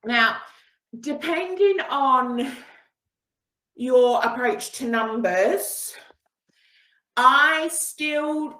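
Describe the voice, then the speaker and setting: A woman's voice: a little high, fairly bright tone, echoey room, low-quality recording. A woman running an online coaching session over a video call, upbeat and encouraging, with frequent laughs. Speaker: business coach. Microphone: video call with screen sharing.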